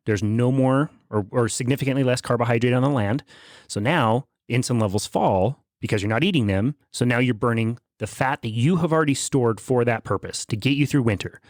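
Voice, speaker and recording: A man hosting a podcast interview, summing up ideas in steady, measured phrases. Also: medium pitch, no room sound, clean studio sound. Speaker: podcast host.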